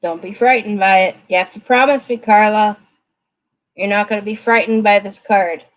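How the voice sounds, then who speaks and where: A woman's voice: mid-range voice, moderate pace, low-quality recording. A woman giving tarot readings on a live stream, chatting straight to her viewers and laughing often. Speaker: tarot reader.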